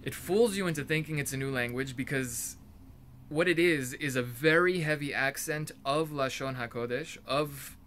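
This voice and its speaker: A man's voice: on the high side, a bit bright, a little hiss or hum. A man giving an informal explanatory talk as a religious teacher, earnest and emphatic, often restarting his sentences mid-thought.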